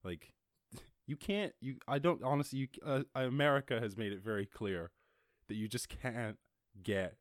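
A man with an Irish accent hosting a casual solo podcast, reacting to news in a jokey, excitable way and swearing freely. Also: medium pitch, normal speed, no room sound, studio quality. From Ireland. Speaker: podcast host.

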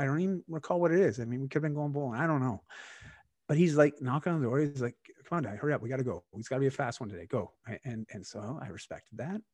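A man's voice: medium pitch, a little mellow, husky, no room sound. Candid man telling a personal story. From Canada. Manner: candid, reflective, many restarts and fillers.

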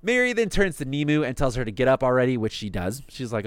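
A man's voice: medium pitch, sing-song, quick pace, clear, resonant tone, no room sound. A man casually recapping anime episodes on a podcast, cursing freely and slipping into the characters' lines. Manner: swears casually, acts out quotes in passing.

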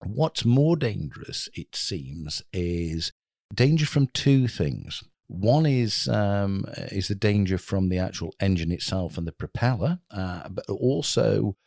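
A man's voice: lowish voice, lively intonation, slow pace, vocal fry, darkish tone, dry recording, clean studio sound. A man hosting a casual chat, explaining with statistics and plenty of fillers.

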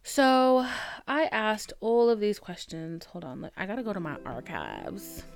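A woman's voice: medium pitch, sing-song, unhurried, music in the background. A young adult woman hosting her own podcast, talking frankly and mocking herself, swearing often and filling her talk with "like". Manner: frank, self-mocking, profane, with lots of "like" fillers. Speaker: podcast host. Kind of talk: candid solo podcast monologue.

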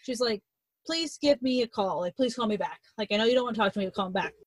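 A woman's voice: on the high side, animated, quick pace, no room sound, poor audio. A young woman in casual chat, retelling a novel's plot in a rambling way, swearing freely and acting out the characters' lines.

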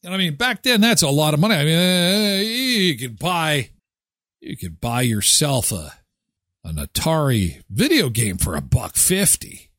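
Man, middle-aged, from Canada, live show host, sarcastic, lively pitch, somewhat high voice. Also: measured pace, no room sound, clean studio sound. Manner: animated, joking, sarcastic asides. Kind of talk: casual chat reading viewer comments.

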